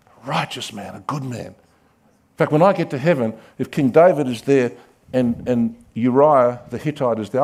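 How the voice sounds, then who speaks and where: Impassioned male pastor preaching. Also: fairly high pitch. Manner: dramatic, swings from loud calls to hushed asides; acts out quoted voices. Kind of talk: sermon.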